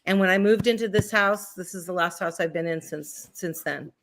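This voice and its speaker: A woman's voice: on the low side, moderate pace, a bit bright. A middle-aged woman, a guest telling stories in a chatty, easygoing way. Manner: chatty, storytelling, laughs easily. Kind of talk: casual interview chat.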